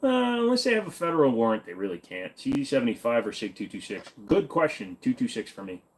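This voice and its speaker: A man's voice: medium pitch, very animated, quick pace. A man hosting a livestream, reading viewer questions aloud and answering them offhand in casual, jokey chat with the odd swear.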